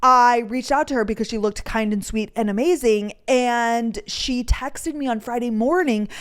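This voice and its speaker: Speaking at a normal speed in a voice on the high side, a young woman hosts a podcast. Her storytime is casual and rambling, bubbly and chatty, with "like" sprinkled throughout.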